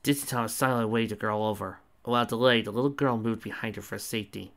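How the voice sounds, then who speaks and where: A man's voice: on the low side, fast, a bit bright. A man reading fan fiction aloud in a casual way, with small stumbles and joking asides. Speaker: fanfiction reader.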